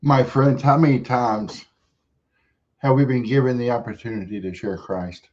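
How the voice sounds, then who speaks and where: A man hosting a devotional talk who speaks reflectively, pausing and letting his phrases trail off softly. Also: mid-range voice, muffled recording. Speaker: host.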